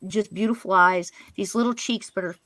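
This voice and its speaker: A woman telling a ghost story as a guest medium on a paranormal interview show, in a voice of middle height. She acts out what she and others said and sometimes drops to a hush. The sound is dry and close. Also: mid-range voice, brisk, dry recording. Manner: animated, quotes spirits and herself in hushed voice.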